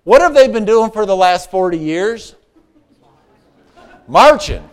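A man preaching a sermon, with playful asides, call-and-response questions, and swings between excited shouts and hushed, earnest passages. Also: high voice, measured pace, smooth. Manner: rises to excited shouts, drops to hushed tones. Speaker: pastor.

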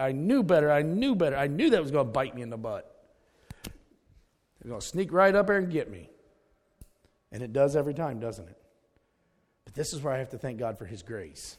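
A man's voice: medium pitch, very animated, normal speed, pauses often, darkish tone, in a large hall. A man preaching a sermon, emphatic, repeating his key words and calling his listeners folks.

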